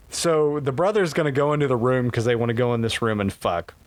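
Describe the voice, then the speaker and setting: A man co-hosting a podcast, recapping a movie in a loose, profane, animated way that is full of laughs. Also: mid-range voice, normal speed. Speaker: podcast co-host. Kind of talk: casual movie recap chat.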